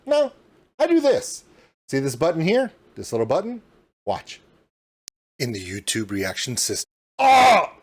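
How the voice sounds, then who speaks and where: Animated man explaining his streaming setup. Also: mid-range voice, a little slow, long pauses. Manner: animated and demonstrative, pointing things out. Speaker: reaction channel host. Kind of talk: casual tutorial walkthrough.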